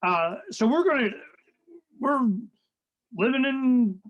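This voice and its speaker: Talk radio host: older man, high voice, rambling and animated. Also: slow, muffled recording. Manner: rambling, animated, acts out quoted people in a raised voice. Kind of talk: casual political chat.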